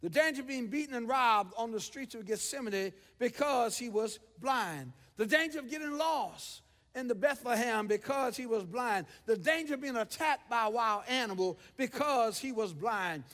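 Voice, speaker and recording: High-voiced preacher in an echoing church. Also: male voice, animated, moderate pace. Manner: rhythmic repetition, rising to shouts. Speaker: pastor. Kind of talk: sermon. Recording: long church reverb.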